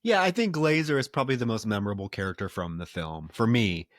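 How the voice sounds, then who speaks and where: A man co-hosting a podcast, retelling film scenes in a loose, animated way and swearing freely. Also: on the low side, fast talker, dry recording, studio quality. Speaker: podcast co-host. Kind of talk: casual film recap chat.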